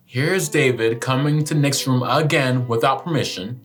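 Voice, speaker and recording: Animated man reacting to a TV show. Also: medium pitch, moderate pace, few pauses, soft background music. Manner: animated, emotional, talks back to the screen. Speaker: YouTube reaction host. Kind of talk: casual reaction commentary.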